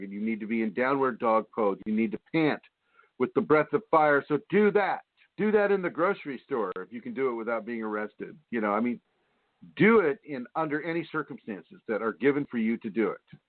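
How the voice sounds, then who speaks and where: A man hosting a spiritual radio talk show, teaching in an animated way, mimicking whiny voices and laughing often. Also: medium pitch, dry recording. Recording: tinny phone line, dry.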